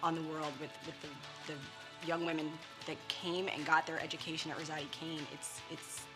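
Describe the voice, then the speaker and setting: A woman's voice: low-pitched, little pitch movement, normal speed, music in the background. A woman speaking proudly and emphatically in an interview.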